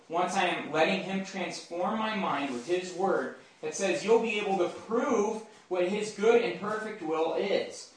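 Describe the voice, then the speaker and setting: A man's voice: high voice, a bit bright. A man giving a conversational Bible talk to a campus group, often checking in with his listeners. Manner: informal, keeps checking in with listeners. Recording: very echoey room, mic far off.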